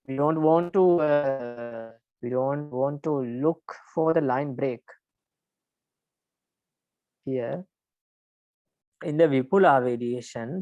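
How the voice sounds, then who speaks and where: A woman teaching a class on Pali verse metre, explaining slowly with frequent pauses and restarts. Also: sits low, darkish tone, dry recording. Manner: halting, many fillers and restarts, careful explaining.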